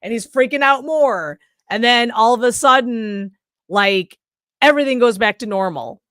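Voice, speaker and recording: A woman's voice: fairly high pitch, moderate pace, fairly bright tone, dry recording. Woman rambling about a horror movie on a podcast, cusses a lot, dry close mic, does little voices for people. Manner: rambling, swears freely, acts out scenes in quoted voices. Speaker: podcast co-host. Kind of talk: casual movie review chat.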